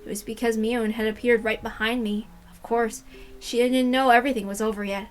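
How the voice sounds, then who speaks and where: A woman reading a visual novel aloud in a quiet, even narration. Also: a little high, normal speed, soft background music. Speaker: reader.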